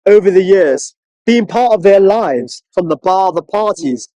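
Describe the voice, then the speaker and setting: This is a high-pitched man, speaking in a dry, close recording. He talks as a co-host in a relaxed interview, telling lively stories and putting on mocking voices when he quotes people. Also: measured pace, no echo, poor audio. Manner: animated storyteller who mimics other people in high mocking voices. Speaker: co-host, one of twin brothers. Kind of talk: casual conversational interview.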